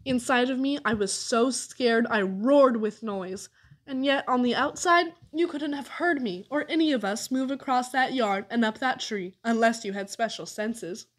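Woman narrator, storybook reading, expressive, slightly high voice. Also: normal speed. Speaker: audiobook reader. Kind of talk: storybook narration read aloud.

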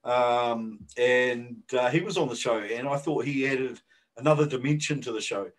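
A man's voice: mid-range voice, normal speed, poor audio. A man with a New Zealand accent co-hosting a podcast, chatting casually and rambling with lots of fillers. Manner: rambling, hesitant with many fillers. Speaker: podcast co-host. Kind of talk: casual chat.

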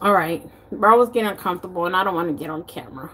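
A woman's voice: on the low side, animated, rapid-fire, pushed and bright, slight background noise. A woman with a Texan accent chatting casually in a home cooking vlog, rambling and giggling, cursing now and then. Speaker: vlogger. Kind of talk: casual chat. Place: home kitchen.

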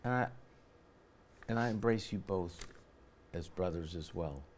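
A man hosting a public-access talk show, speaking haltingly with frequent restarts as he reads from an email and poses a question to his guests. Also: low voice, slight background noise. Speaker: host.

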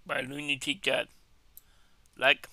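A man hosting a reaction video, introducing the clip in a casual, halting way. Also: medium pitch, monotone, sharp tone, no echo.

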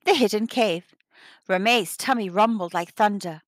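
A woman reading a children's picture book aloud, with expressive storytelling. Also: medium pitch, measured pace, no room sound. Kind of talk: children's read-aloud narration.

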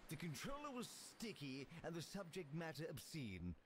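A man's voice: on the high side, wildly swooping pitch, moderate pace. A man playing a prim, pompous older game reviewer in a comic in-game radio bit, with a noisy broadcast sound. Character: stuffy old male game reviewer, prim and disgusted. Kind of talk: scripted comic radio monologue.

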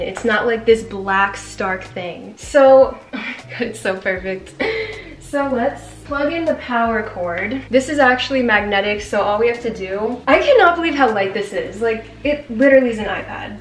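A woman's voice: a little high, reverberant. A young woman chatting in a casual unboxing vlog, bubbly and giggly with lots of fillers. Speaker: vlogger. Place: home room with a desk.

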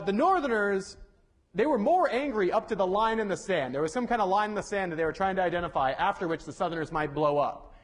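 A young man from the Southern United States giving a casual university lecture, chatty and correcting himself with joking asides. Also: sits high. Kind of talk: classroom lecture. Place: lecture hall.

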